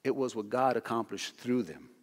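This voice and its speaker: A man's voice: mid-range voice, animated, normal speed. A man preaching a sermon as pastor, emphatic and hammering points home through repeated phrases. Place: church. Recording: long church hall reverb.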